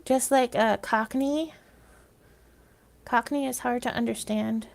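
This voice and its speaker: Woman, livestreamer, casual rambling chat, somewhat high voice, gravelly. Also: fairly even intonation, slow pace, a little hiss or hum. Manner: rambling, chatty, trails off into whispers.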